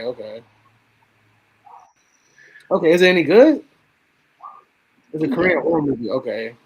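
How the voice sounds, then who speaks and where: A man's voice: on the high side, husky, rough recording. A young man hosting a live stream, chatting casually about horror movies and swearing freely. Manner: laid-back, swears freely.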